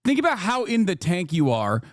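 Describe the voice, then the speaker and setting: A man hosting a live stream, giving profane, excitable and mocking political commentary. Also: sits high, brisk, no echo, clean studio sound. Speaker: streamer host.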